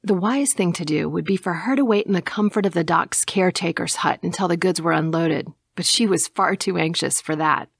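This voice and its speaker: A woman narrating an audiobook in a measured, even reading, dropping to a hush at times. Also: lowish voice, vocal fry, slightly rough, no echo, studio quality.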